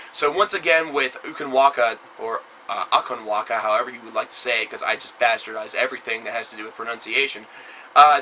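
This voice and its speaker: Man, casual album review, rambling with fillers, mid-pitched voice, sharp bright timbre. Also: slight background noise, rough recording. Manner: rambling, many fillers, sudden loud emphatic bursts.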